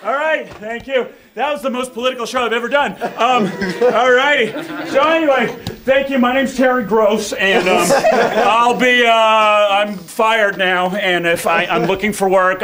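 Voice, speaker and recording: A man's voice: sits high, normal speed. A man doing a rambling, jokey live performance piece, laughing and leading the audience in chants. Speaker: performance artist. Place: small venue with live audience. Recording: live room with loud crowd.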